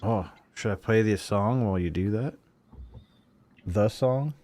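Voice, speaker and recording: A man's voice: on the low side, a little slow, background noise. A man chatting as a guest, easygoing and laughing often, with casual swearing. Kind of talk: casual chat.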